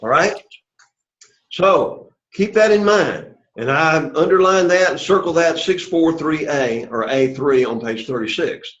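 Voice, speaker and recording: Guy teaching greek in a class, slightly high voice, echoey room, dull lo-fi sound. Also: lively intonation, a little slow, fairly bright tone. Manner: explains with frequent okay and all right checks. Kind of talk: classroom lecture.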